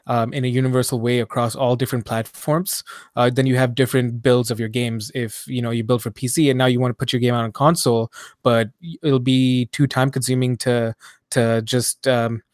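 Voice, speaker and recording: A man's voice: medium pitch, no room sound, clean studio sound. A man co-hosting a casual gaming podcast, rambling and hedging with lots of ums as he thinks aloud. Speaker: podcast co-host.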